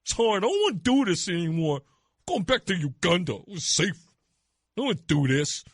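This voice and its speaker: A man's voice: high-pitched, very animated, brisk, breathy edge, no room sound, clean studio sound, exaggerated voice. A man putting on the voice of a petulant male politician who whines that his job is too hard and wants to quit. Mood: whiny. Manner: sulky, complaining.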